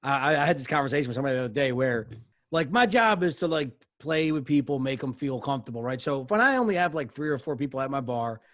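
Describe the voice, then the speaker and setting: A man, a bartender telling stories on a podcast, animated and cursing freely. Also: medium pitch, quick pace, no echo, clean studio sound. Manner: animated storyteller, swears often. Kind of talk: casual podcast chat. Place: podcast studio.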